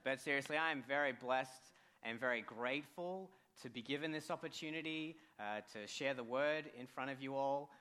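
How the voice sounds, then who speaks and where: A young Australian man preaching a church sermon as an intern, jokey and animated, with sudden quiet drops. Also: medium pitch, normal speed, hardly any pauses.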